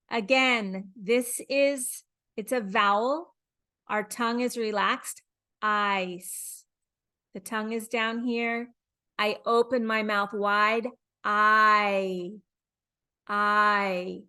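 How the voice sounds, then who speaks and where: Very slow, careful woman teacher. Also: a little high, steady tone, pushed and bright. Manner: slow, deliberate, demonstrating mouth positions and repeating sounds. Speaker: English teacher. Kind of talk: phonics lesson.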